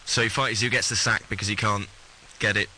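Bright-voiced British actor guest. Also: male voice, fairly low pitch, steady tone, brisk, rough recording. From Britain. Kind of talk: casual chat. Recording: light hiss.

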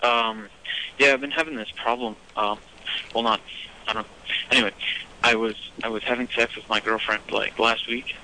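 A man's voice: on the low side, little pitch movement, normal speed, long pauses, bright, forceful tone, a little hiss or hum, poor audio. A young man calling a radio show, hesitant and rambling, full of fillers. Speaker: caller. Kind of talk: phoned-in radio call.

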